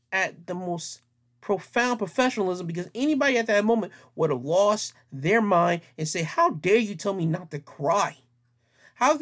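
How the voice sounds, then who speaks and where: A man giving opinion commentary in a vlog, talking in an emphatic, plainspoken and repetitive way. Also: high-pitched.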